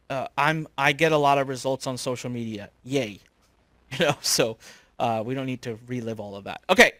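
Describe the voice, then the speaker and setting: Middle-aged guy teaching a class, animated storyteller, slightly high voice, dry close sound. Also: dry recording. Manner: lively, animated, acts out quoted dialogue. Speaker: course host.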